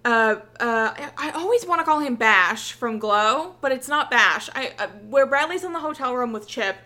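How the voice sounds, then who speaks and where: A woman co-hosting a podcast, chatting casually and excitedly, rambling and swearing a lot. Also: high-pitched, moderate pace. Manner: animated, heavy swearing, rambling recap. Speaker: podcast co-host.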